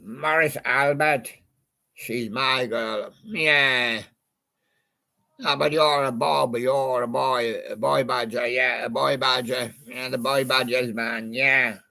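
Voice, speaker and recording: A man's voice: medium pitch, fairly even intonation, slow, vocal fry, sharp tone. A man in a rambling, casual monologue, reminiscing about old songs and chatting to a toy badger. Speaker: channel host.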